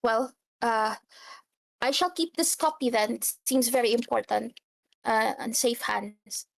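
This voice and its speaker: A woman voicing a polite, dutiful records clerk who speaks formally and haltingly in a tabletop game. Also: fairly high pitch, vocal fry. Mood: courteous. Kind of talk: tabletop role-play character voice.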